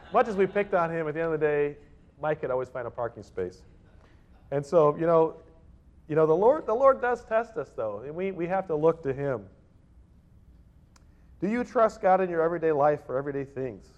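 Man, pastor, animated sermon, acts out voices, fairly high voice, muffled lo-fi recording. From Northern California. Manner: animated, acts out little voices in his stories. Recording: dull lo-fi sound.

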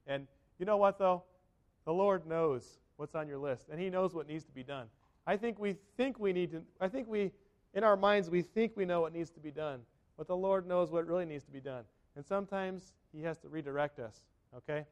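Heard through a muffled recording, a pastor with a fairly high voice preaches briskly to his congregation. He speaks conversationally, asks them questions, and acts out the quotes.

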